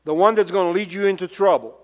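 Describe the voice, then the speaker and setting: Male pastor with a high voice, preaching emphatically in a reverberant church hall. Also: fast. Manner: emphatic preaching with repeated rhetorical questions. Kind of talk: sermon. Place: church sanctuary.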